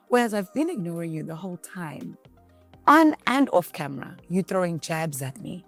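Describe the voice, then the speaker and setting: A woman's voice: medium pitch, fairly quick, soft background music. A South African woman giving a candid interview, switching between English and Zulu and acting out what others said. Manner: animated retelling, acts out quotes. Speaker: guest.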